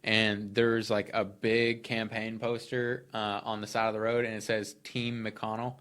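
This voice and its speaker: A man co-hosting a casual podcast, telling stories in a relaxed, profane way and laughing as he talks. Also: lowish voice, unhurried, clean tone. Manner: laid-back, profane, laughing storyteller.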